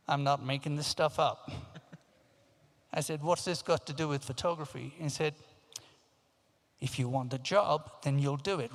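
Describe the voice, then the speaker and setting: Animated and anecdotal, this keynote speaker, a man in his fifties from Africa who grew up in England, recounts his life story at a conference, slipping into the voices of those he quotes. His voice sits a little high. Long reverb from a large hall colors the storytelling talk.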